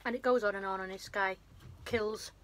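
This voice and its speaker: Recording at home against faint background noise, a woman vlogger with a runny nose recaps a movie in a chatty, wandering way. She keeps restarting and running herself down, speaking at a moderate pace in a steady, mid-range voice.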